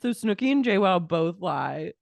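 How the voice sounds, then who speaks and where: A woman's voice: fairly low pitch, normal speed, creaky, no room sound. A woman co-hosting a podcast, recapping a reality show in casual chat and acting out the cast's quotes. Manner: animated storytelling, acting out quotes. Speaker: podcast co-host.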